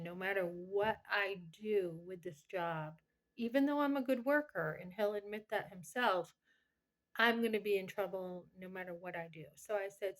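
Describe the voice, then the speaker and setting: A woman's voice: medium pitch, fairly bright tone. A woman vlogging, retelling an argument with her boss in a frustrated, rambling way, with many fillers. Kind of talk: casual personal storytelling.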